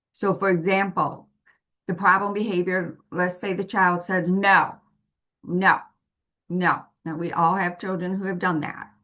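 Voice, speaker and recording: A woman with a slightly low voice guides parents through a talk, unhurried and deliberate. She explains patiently and leans on everyday examples to make each point clear. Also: a bit bright. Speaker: parent guide presenting to families. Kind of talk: slow, explanatory presentation to parents.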